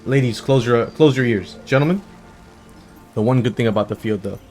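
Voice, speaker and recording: A young man in his twenties hosts a gaming video and tells a rambling, jokey story. His pitch sits in the middle range, and he breaks into sudden loud bursts now and then. Faint music plays under his voice. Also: moderate pace. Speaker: gaming channel host. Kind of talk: casual storytelling over gameplay.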